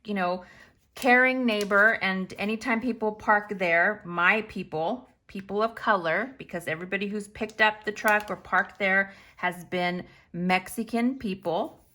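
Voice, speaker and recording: Bright, animated woman telling a story. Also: medium pitch, unhurried. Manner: animated storyteller who acts out quoted dialogue. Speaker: planner channel host. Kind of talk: chatty storytime while planning.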